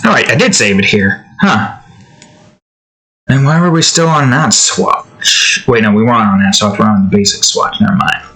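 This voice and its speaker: Young guy rambling while he draws, bright voice, jokey, keeps cutting himself off. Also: medium pitch, lively intonation, normal speed, pauses often, poor audio. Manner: rambling, joking, self-interrupting, sings snatches off-key. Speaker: art streamer. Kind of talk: casual chat while drawing.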